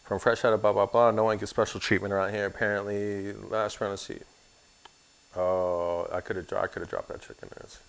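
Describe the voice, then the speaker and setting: A man's voice: fairly low pitch, flat delivery, brisk, gravelly. A man teaching an insurance course in a recorded class, with sarcastic, joking asides.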